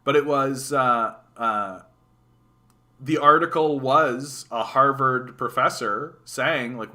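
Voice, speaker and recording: Bright-voiced Canadian man ranting. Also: medium pitch, takes it slowly. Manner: animated, sarcastic, repeats words and restarts. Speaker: political streamer. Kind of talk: casual live-stream commentary reading chat.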